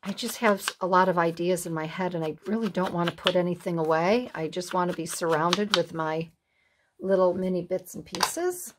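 A woman's voice: fairly low pitch, normal speed, background noise. A middle-aged woman hosting a craft video, chatting casually in a rambling, folksy way while she works in her craft room.

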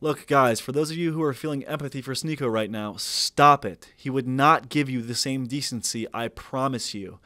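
A man's voice: mid-range voice, normal speed, hardly any pauses, sharp tone, no echo, clean studio sound. A young man hosting a reaction commentary video, talking bluntly, sarcastically and with heavy profanity.

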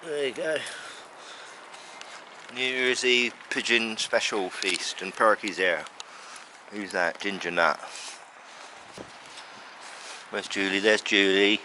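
A man with a fairly low voice chats warmly to his camera as he feeds pigeons outside. He laughs often and calls the birds over by name. His handheld camera picks up clear traffic noise from the street. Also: takes it slowly, long pauses. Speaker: vlogger feeding pigeons. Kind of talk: casual outdoor vlog narration. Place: outdoors by puddles, rain.

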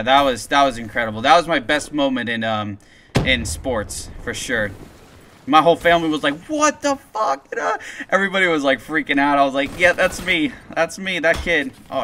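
A young man chatting on a live gameplay stream, excitable and profane, telling stories in slangy talk. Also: on the high side, a little hiss or hum. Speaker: gaming streamer.

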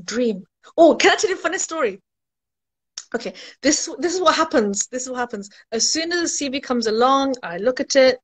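A woman education recruiter chatting casually on a live stream, laughing at her own jokes and answering viewers' questions. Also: fairly high pitch.

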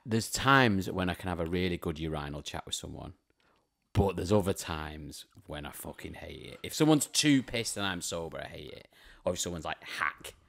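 A man's voice: deep voice, animated, normal speed, creaky, fairly bright tone. A man, co-hosting a comedy podcast, telling crude stories in casual banter and laughing often. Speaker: podcast co-host.

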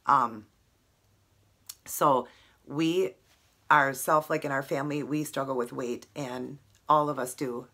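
A woman in her thirties speaks straight to her camera at home, earnest and close to tears, with plenty of ums. Her voice sits very low and sounds husky. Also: steady tone, slow, pauses often, bright, forceful tone. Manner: emotional, earnest, many fillers. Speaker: vlogger. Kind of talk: personal talk to camera.

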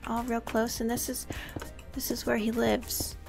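Woman, high voice, giggly, bossy, upbeat, gaming chat. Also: level tone, a little slow, creaky, darkish tone, soft background music. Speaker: gaming channel host. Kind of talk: casual gameplay chat.

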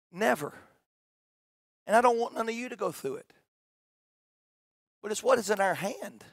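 A middle-aged man, a pastor preaching a sermon that swings between shouted emphasis and quiet storytelling. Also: high voice, big pitch swings, unhurried, long pauses, dry recording, clean studio sound.

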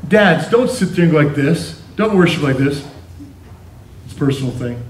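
A man preaching a sermon as pastor, animated, acting out quotes in changing voices. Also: on the high side, normal speed. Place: church sanctuary. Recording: echoey church hall.

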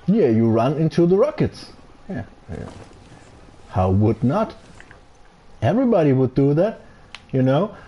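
A man's voice: medium pitch, sing-song, measured pace, long pauses, mellow, slightly rough. A man giving live commentary on his gameplay, angry and swearing a lot. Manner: angry ranting, heavy swearing. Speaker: gaming streamer.

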